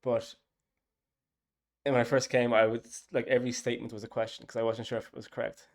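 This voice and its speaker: An app developer talks casually through his app's design in a dev log, thinking aloud with lots of fillers. He speaks fast at a medium pitch, with little pitch movement.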